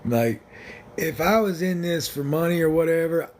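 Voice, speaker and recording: A man's voice: a little high, normal speed, slight background noise. A man hosting a casual livestream, talking to viewers in a blunt, rambling, joking way. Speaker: livestream host.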